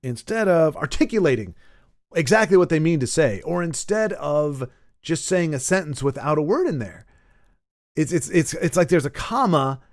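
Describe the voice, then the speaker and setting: A man's voice: a little high, animated, moderate pace, dry recording, clean studio sound. Rambling man on a solo podcast. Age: adult who grew up with Nintendo. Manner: rambling, many restarts and self-corrections. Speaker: podcast host.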